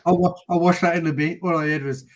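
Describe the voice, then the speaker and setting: A middle-aged man with an English accent chatting loudly over a video call, swearing and laughing as he tells stories. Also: on the high side, fairly even intonation, fast. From England. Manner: loud, swearing, laughing storyteller. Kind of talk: casual chat.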